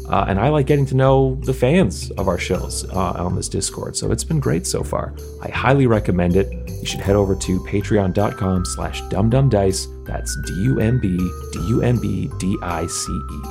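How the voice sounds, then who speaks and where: A man's voice: fairly low pitch, gravelly. A man from the show's cast, talking in an upbeat, chatty way with fillers. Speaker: cast member reading a promo.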